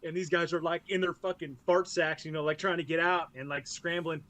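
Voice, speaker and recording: A man's voice: a little high, little pitch movement, a little fast, fairly bright tone. A man, a military veteran, telling war stories as a podcast guest in a blunt, profane way. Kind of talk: casual podcast interview.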